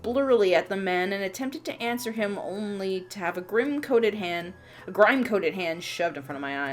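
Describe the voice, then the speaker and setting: Expressive woman reading a game story. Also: mid-range voice, normal speed, faint music behind. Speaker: let's play host. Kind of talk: reading a visual novel aloud.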